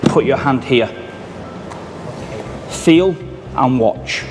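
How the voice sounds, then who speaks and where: A man's voice: medium pitch, drawn-out words, background noise. A man from Manchester working as a first aid trainer, giving clipped, step-by-step instructions. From Manchester, England. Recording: reverberant, with music behind.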